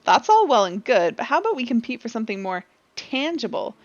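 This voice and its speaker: A woman's voice: a little high, very animated, fairly quick, no room sound. A woman voicing an arrogant rival chef who talks in a taunting, condescending way, over dull lo-fi stream audio. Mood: smug.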